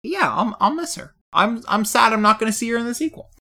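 A man's voice: very high voice, fairly quick. A man co-hosting a casual podcast about a film, talking in a wry, joking way. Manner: lively, wry, deadpan jokes. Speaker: podcast co-host.

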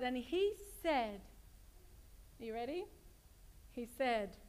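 A woman's voice: high voice, expressive, slow pace, long pauses, a little mellow, clear, resonant tone. A woman preaching a sermon in a chatty storytelling way, often laughing as she tells a family story.

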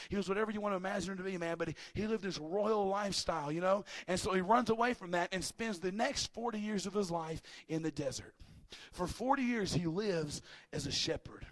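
A man preaching a sermon as pastor, animated, swinging from loud shouts to quiet, casual asides. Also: sits high. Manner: casual, chatty asides with laughter.

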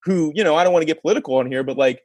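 A man's voice: fairly high pitch, racing, a little mellow, no room sound. Guy podcast host telling a story, laughs mid-sentence, dry close mic. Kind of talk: casual sports chat.

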